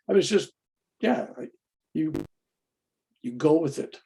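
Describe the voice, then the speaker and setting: Gravelly-voiced man giving casual spiritual talk. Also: a little high, expressive, takes it slowly, mellow. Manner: casual, plainspoken, acts out quoted voices. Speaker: spiritual teacher.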